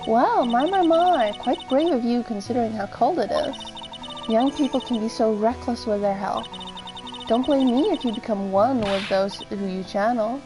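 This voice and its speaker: A woman's voice: on the high side, normal speed, over music, natural voice, low-quality recording. A woman voicing a cheery elderly female head nun who chuckles in a sing-song way for a game read-along. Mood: jolly.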